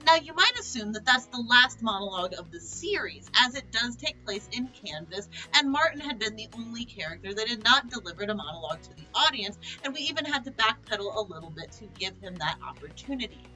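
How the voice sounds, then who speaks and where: A woman, the creator of a stage play, giving a measured, reflective director's commentary. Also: fairly high pitch, animated, bright, forceful tone, faint music behind, rough recording.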